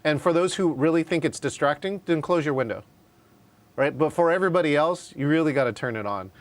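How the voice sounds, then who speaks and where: A man's voice: a little high, animated, fairly quick. A man teaching a live online class on virtual meetings, talking conversationally and often checking in with "right?". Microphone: video call.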